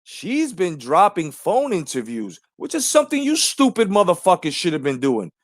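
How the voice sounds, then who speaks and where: Man, 40s, channel host: high, swooping, combative, cursing rant, dry close sound. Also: moderate pace, no echo. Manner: profane, confrontational, animated. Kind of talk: ranting monologue.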